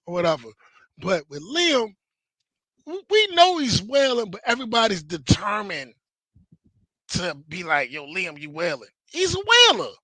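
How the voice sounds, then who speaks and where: Male co-host, rambling storyteller, lively bright voice, dry sound. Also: sits high, a little slow, long pauses, no echo, poor audio. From Virginia, US. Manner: rambling storyteller, many fillers and restarts. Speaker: show co-host. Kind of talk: casual profane chat.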